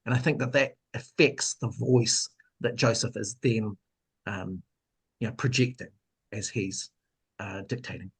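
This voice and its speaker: A man's voice: mid-range voice, steady tone, measured pace, breathy edge. Thoughtful New man, guest author. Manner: thoughtful, trails off with fillers. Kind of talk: casual discussion.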